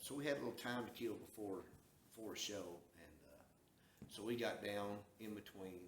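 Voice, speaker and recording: A man's voice: lowish voice, normal speed. Man, from the southern US, folksy drawling storyteller, echoey room, faint background hum. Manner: folksy, drawling, acts out quoted dialogue. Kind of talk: casual storytelling.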